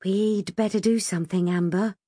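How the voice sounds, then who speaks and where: A woman's voice: medium pitch, fairly even intonation, moderate pace, dark tone, slightly rough, no echo, studio quality, lightly acted. A woman voicing a know-it-all teenage schoolgirl who speaks with authority. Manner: authoritative, matter-of-fact.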